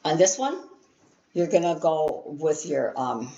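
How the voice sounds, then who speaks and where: A woman teaching an introductory Hebrew class from a textbook, explaining step by step and filling pauses with "um". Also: low voice, expressive, creaky, dark tone, lo-fi sound. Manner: frequent "um" fillers, patient step-by-step explaining.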